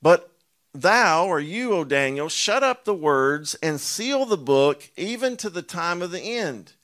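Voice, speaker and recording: A man preaching with a sharp, somewhat high voice. He leans hard on key words and stretches them out, firing rhetorical questions at his listeners. His delivery is animated and emphatic throughout. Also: measured pace. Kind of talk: sermon.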